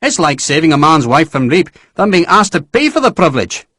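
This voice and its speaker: A man voicing a gruff, crude old general who curses freely. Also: mid-range voice, very animated, normal speed, fairly bright tone, dry recording, studio quality. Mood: blustering. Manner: blustering, profane.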